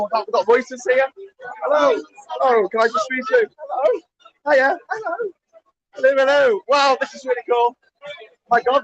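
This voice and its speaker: A man live streaming at a crowded party, cheering, shouting greetings and chatting excitedly, getting hoarse. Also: very high voice, no echo, rough recording. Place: crowded indoor party venue.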